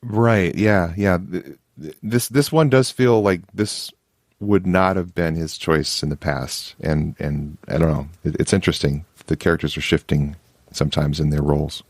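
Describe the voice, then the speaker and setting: Low-voiced guy on a podcast, all excited, stumbles over his words, dry close sound. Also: dry recording. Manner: enthusiastic, halting restarts. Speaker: podcast co-host. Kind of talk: casual chat.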